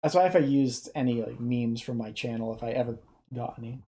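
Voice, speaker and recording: A mellow, dark-toned voice talking through a reaction video in a tired, subdued way. The speech stops and restarts often as the speaker searches for words, in a casual, unhurried stream. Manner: low-energy, hesitant, many restarts.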